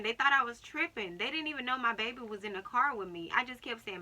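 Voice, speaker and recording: A woman's voice: medium pitch, fairly quick, few pauses. A young woman telling a personal story in a casual vlog, acting out what other people said. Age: young adult. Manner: animated retelling, acting out other people's words. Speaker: vlogger.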